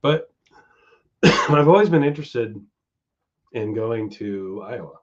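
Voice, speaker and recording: A man's voice: fairly low pitch, animated, slow. A man hosting a live stream, chatting casually with viewers, going off on tangents and swearing freely. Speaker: stream host. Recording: dull lo-fi stream audio.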